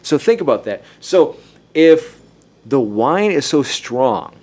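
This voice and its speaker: A man's voice: on the high side, sing-song, takes it slowly, darkish tone. A man co-hosting a casual podcast, joking and stumbling a little as he reads from his notes. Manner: jokey, stumbles while reading aloud. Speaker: podcast co-host. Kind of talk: casual chat, reading from notes.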